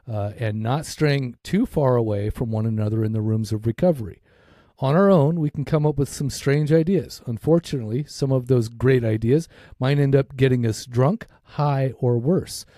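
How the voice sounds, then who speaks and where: A man's voice: medium pitch, normal speed, dark tone, dry recording. Candid, rambling middle-aged man, dry sound. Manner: candid, profane, rambling with many fillers. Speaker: podcast co-host. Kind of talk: casual recovery podcast talk.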